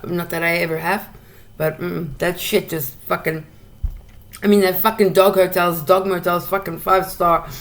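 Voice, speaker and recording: A woman's voice: on the low side, steady tone, normal speed. A woman hosting a solo talk show, ranting bluntly with lots of swearing and repeated words as she gets heated. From South Africa. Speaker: podcast host ranting solo. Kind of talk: casual monologue rant.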